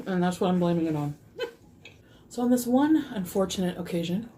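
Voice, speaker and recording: A woman's voice: on the low side, animated, fairly quick, warm tone, a little hiss or hum. A woman telling a casual storytime in a rambling way, full of fillers. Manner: rambling, frequent fillers, laughs easily.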